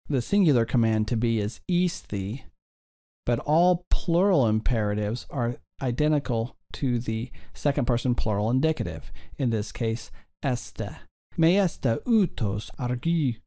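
A man teaching a recorded grammar lesson, reading example sentences slowly and then explaining the grammar step by step. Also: medium pitch, dark tone. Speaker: language teacher.

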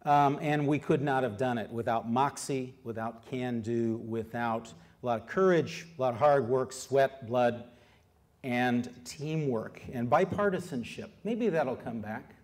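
A middle-aged man gives a public history lecture as an author. He talks in a lively, conversational way, drawing the audience in with questions. He pauses often with fillers as he goes. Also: mid-range voice. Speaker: author giving a history talk.

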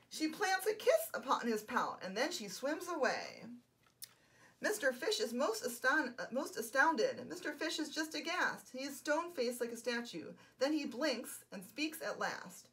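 A woman librarian hosting a children's story time, gentle, soft-spoken and encouraging as she reads aloud. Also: fairly high pitch, very animated, normal speed, far from the mic.

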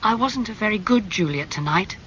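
A man's voice: expressive, brisk, bright, forceful tone. A man reading aloud, voicing a young woman actress who is loving and pleading in a storybook. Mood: earnest. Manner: high, pleading, emotional delivery. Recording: slightly muffled with faint hum.

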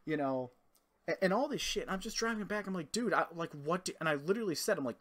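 A young man with a slightly higher-pitched voice spins a rambling, profanity-laced story in a loose, casual monologue. He keeps stopping to act out what people said, then carries on. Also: fast talker. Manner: rambling, profane, animated retelling with quoted voices. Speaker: storyteller vlogger.

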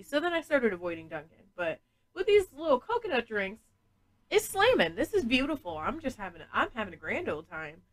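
A woman's voice: on the high side, fairly bright tone, rough recording. A woman hosting a casual podcast, chatty and frank, laughing often and swearing freely. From New England. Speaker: podcast host.

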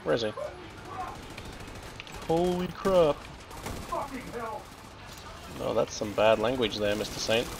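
This Australian streamer speaks quickly and steadily in a lowish, gravelly voice, barely pausing as he jokes and comments on the shooter game he's playing. The background is noisy, with game gunfire and explosions loud behind his voice.

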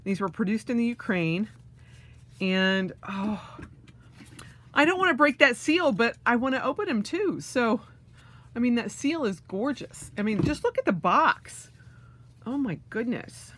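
Woman, vlogger, gushing unboxing chat, bright tone, slow delivery. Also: a little high, expressive. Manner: gushing, many gasps and delighted exclamations. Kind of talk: casual unboxing vlog.

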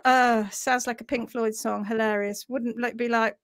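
A woman telling a funny story on a live stream, animated and self-mocking, laughing often. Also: a little high, normal speed, hardly any pauses, smooth. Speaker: host of a live horse-care session.

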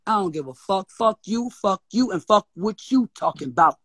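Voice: medium pitch, animated, normal speed, breathy edge, dry recording. A guest with a New Orleans accent ranting on a live stream, profane, defiant and mocking, repeating insults. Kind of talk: heated live-stream rant.

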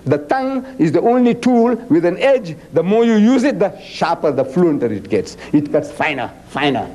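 A South African man lectures a live audience on religion in a fairly high yet mellow voice. He jumps between playful back-and-forth, mock dialogues and rapid Arabic recitation. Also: slight background noise. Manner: animated, acts out dialogues and teases the audience; recites Arabic scripture quickly between English lines. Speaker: Islamic preacher and lecturer.

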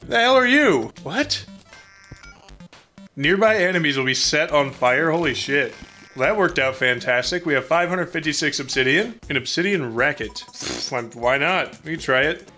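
Young man, Let's Play commentary, bright forceful voice, slightly high pitch, excitable, profane, jokey. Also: normal speed, soft background music. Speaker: gaming YouTuber.

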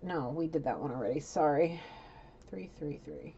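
A woman's voice: sits low, moderate pace, vocal fry, dark tone, muffled recording, slight background noise. A woman giving a rambling, blunt psychic reading in a casual, chatty way. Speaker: psychic tarot reader.

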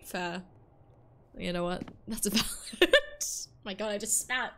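Playing a game on her livestream, a woman in her twenties chats casually and playfully with her chat, laughing a lot. Her voice is on the low side with a fairly bright tone, at normal speed.

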